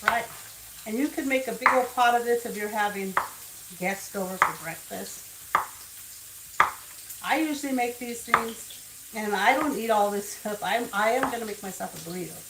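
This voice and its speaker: A woman's voice: medium pitch, moderate pace, pauses often. An older woman hosting a casual home cooking demonstration, chatting and wandering into family stories as she works. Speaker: cooking show host. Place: home kitchen. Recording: echoey kitchen, distant mic, frying noise. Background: sizzling and frying food.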